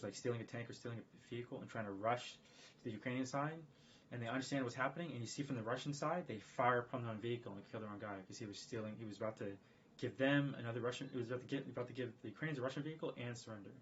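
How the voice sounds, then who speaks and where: A man talking in a casual live-stream monologue, rambling and emphatic, often repeating himself. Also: mid-range voice. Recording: dull lo-fi stream audio with faint background noise.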